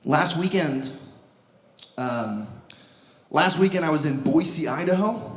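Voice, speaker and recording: A young man doing a stand-up comedy set on a club stage, sarcastic and animated, acting out bits in exaggerated voices. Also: fairly high pitch, takes it slowly. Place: comedy club stage before a laughing audience. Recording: roomy stage sound with audience noise.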